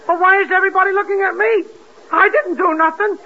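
A man's voice: very high voice, steady tone, fast, slight background noise. An actor playing a flustered sound man who whines near tears in a 1940s radio comedy, on a lo-fi old broadcast recording. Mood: whimpering. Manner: whining, near-tearful protests.

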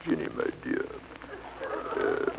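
A man imitating a sultry continental lover in a 1940s radio comedy, dropping his voice very low. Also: slow, reverberant, noisy background, natural voice. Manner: low, heavy-accented murmur. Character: exotic European lover, very deep and sultry.

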